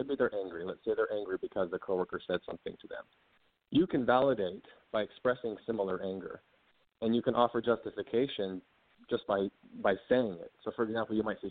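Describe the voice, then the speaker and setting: Author guest, male, deeper voice, earnest and quick to laugh, phone-line sound. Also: no echo. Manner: earnest, quick to laugh, acts out example dialogue. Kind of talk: explanatory interview talk. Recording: dry, tinny phone-like line.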